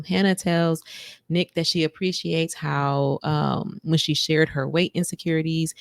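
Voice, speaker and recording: A woman hosting a podcast, recapping a show in a chatty, animated way. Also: sits low, dry recording. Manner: chatty, animated, breaks into sung bits and mock quotes. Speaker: podcast host. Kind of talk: casual recap chat.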